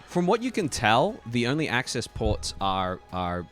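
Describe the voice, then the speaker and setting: A man narrating as game master, describing scenes in a relaxed way with lots of fillers. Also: medium pitch, unhurried, soft background music.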